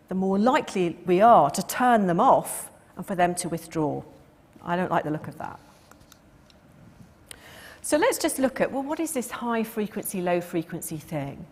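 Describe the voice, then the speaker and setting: A middle-aged woman giving a lecture in a lively, expressive way, now and then acting out the voices of a cat and its owner. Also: fairly low pitch. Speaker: cat behaviour speaker. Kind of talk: lecture talk. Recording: long reverb of a lecture hall.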